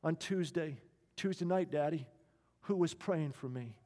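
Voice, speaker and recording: A pleading young woman, remorseful and shaken, keeps repeating her questions, as a male preacher puts her on. The voice rings with a long hall echo, and the pitch sits a little high for a man. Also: measured pace, mellow, lightly acted. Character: distraught young adult daughter, repentant.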